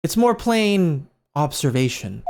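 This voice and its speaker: Exasperated young student, high and animated, voiced by a man, game music playing. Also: takes it slowly, gravelly, heavily acted. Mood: wry. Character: flustered young male law student. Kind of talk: reading game dialogue aloud.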